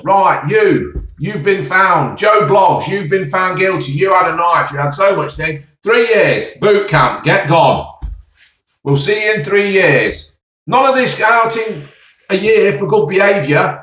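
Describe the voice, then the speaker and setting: A man's voice: high voice, fairly bright tone. A man ranting bluntly and heatedly in a rambling monologue, swearing mildly. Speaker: vlogger. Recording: echoey, from far off the mic.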